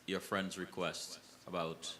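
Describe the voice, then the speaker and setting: A man's voice: sits low, level tone, slow, pushed and bright. A man hosting an interview, easygoing and chuckling as he asks questions. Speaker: interview host. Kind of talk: casual interview.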